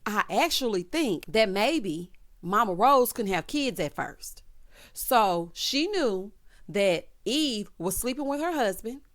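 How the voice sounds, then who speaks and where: A woman casually recapping a TV episode, sassy and animated, acting out the characters' lines. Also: mid-range voice, takes it slowly, no room sound, studio quality. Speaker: recap vlogger.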